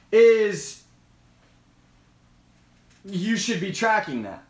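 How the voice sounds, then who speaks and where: High-voiced man hosting a casual live Q&A. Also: lively intonation, normal speed, fairly bright tone, reverberant. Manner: chatty, repeats himself, explains emphatically. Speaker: host.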